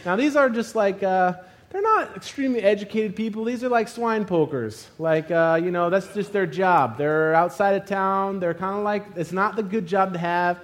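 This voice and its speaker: A man preaching a sermon, retelling a story with lively humor and putting on funny voices for the characters. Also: high voice, normal speed, hardly any pauses.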